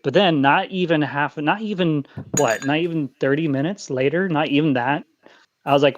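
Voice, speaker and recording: A man's voice: fairly high pitch, a little fast. An American man on a call-in show who keeps his answers guarded and matter-of-fact and brushes off topics he won't discuss. His audio comes through dull and lo-fi, and it sounds dry, with no room echo. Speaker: guest caller. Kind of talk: casual call-in chat.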